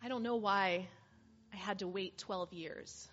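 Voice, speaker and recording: In this slightly muffled recording with faint hiss, a woman gives a first-person dramatic monologue as a weary woman made whole after years of suffering. Her medium-pitched voice is fairly bright, unhurried and fairly even in intonation. She tells her story as earnest, heartfelt testimony.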